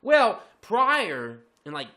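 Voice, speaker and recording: A man co-hosting a comedy podcast who tells a profane, animated story and keeps laughing as he talks. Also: sits high, drawn-out words. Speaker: podcast co-host.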